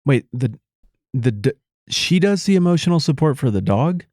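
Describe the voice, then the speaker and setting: Joking man asking quick questions. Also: mid-range voice, very animated, darkish tone, no room sound, studio quality. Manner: joking, incredulous follow-up questions. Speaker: podcast co-host. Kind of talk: casual chat.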